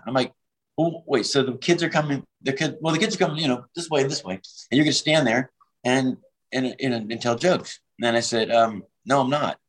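A fifties-aged prop comedian, appearing as a guest in a laid-back interview, tells stories from the road, imitating the people he quotes and cursing freely. His voice is medium-pitched and slightly bright with a breathy edge, and the audio quality is poor.

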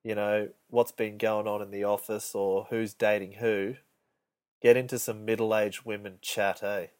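A man's voice: lowish voice, level tone, measured pace, a little mellow, dry recording. A young man co-hosting a podcast, telling stories in crude, laid-back slang. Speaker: podcast co-host. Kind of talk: casual banter.

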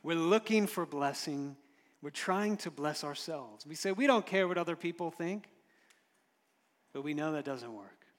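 Male pastor, slightly high voice, sermon delivery, big hall reverb. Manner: storytelling, rises and drops in loudness, occasional chuckles.

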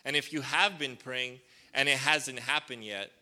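A man's voice: mid-range voice, unhurried, bright, forceful tone. A male pastor preaching a casual, conversational sermon, rambling with lots of "like" and "um" and calling for responses from the congregation. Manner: rambling, full of fillers like "like" and "um".

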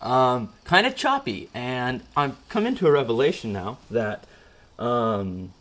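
A man hosting a solo podcast, alone in his garage on an old recorder. He rambles, jokes and mocks himself. His pitch rises and falls in a lively way. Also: a little slow. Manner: rambling, self-mocking, jokey. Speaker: podcast host. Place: garage at home. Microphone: old-fashioned recorder.

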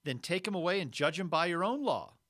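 A preacher voicing a weary, impatient Roman governor. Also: male voice, on the high side, sing-song, fairly quick, fairly bright tone, voice pushed up. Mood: pressing.

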